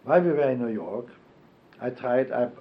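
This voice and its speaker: An older man recalling his past in an oral history interview, speaking haltingly with fillers and self-corrections. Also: mid-range voice, lively intonation. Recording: dull lo-fi archival tape.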